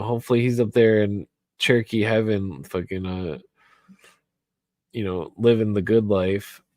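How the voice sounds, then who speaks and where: A man a little drunk on alcohol rambles through a late-night radio monologue, swearing freely and looping back to the same phrases. His voice sits on the low side. The sound is close and dry. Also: no room sound. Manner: profane, rambling, repeats himself. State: tipsy from alcohol. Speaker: radio show host.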